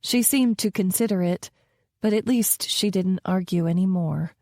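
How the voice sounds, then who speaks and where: A woman narrates a romance audiobook in the first person with a calm, measured delivery. Her voice is warm and mellow, recorded dry with no room sound. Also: on the low side, dry recording.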